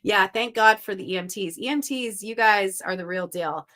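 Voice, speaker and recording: A woman's voice: mid-range voice, moderate pace, pushed and bright. A young woman hosting a live puzzle stream, chatting casually and reading out viewers' guesses with upbeat energy. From Western Canada.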